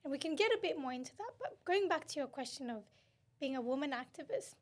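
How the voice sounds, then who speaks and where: A young adult woman from Myanmar, a guest in a podcast interview, telling her story in an animated way, laughing often and acting out what others said. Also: high voice. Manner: animated storytelling, quick laughs, acts out quotes. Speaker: guest, human rights activist.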